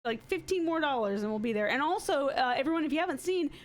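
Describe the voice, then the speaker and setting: A woman's voice: sits high, animated, quick pace. A woman co-hosting a charity stream, reading out donations in an upbeat, casual way. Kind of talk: casual live-stream chat.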